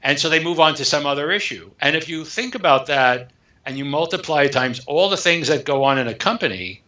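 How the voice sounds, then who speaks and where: A man, an author guest in an interview, telling a story in an animated way and acting out the dialogue. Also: on the high side, fairly quick. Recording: echoey, dull lo-fi sound.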